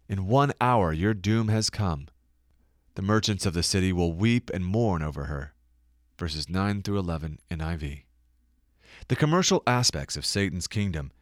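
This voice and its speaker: A man giving scripted Bible-teaching narration, reading scripture dramatically and citing verses more quietly. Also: lowish voice, no room sound, clean studio sound.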